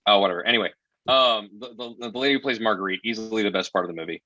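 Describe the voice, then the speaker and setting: A man's voice: lowish voice, very fast, sharp tone, no room sound, highs cut off. Profane, rambling male film reviewer. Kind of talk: casual film review chat.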